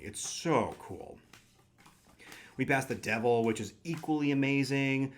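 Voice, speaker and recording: A man chatting casually in a vlog, animated and gushing, with self-mocking asides. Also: medium pitch, a little slow. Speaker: tarot deck collector.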